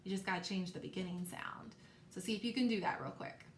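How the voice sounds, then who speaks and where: A woman teacher leading a recorded phonics lesson for young children, slow and encouraging, repeating sounds for them to echo. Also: fairly low pitch, steady tone, slight background noise.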